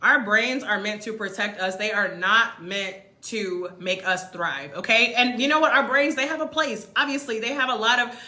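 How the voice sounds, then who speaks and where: Woman, thirties, emphatic, repetitive, motivational live-stream, bright tone, roomy echo. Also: a little high, moderate pace, few pauses. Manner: emphatic, repeats lines, addresses viewers as y'all. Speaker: vlogger livestreaming to followers. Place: room in Mexico.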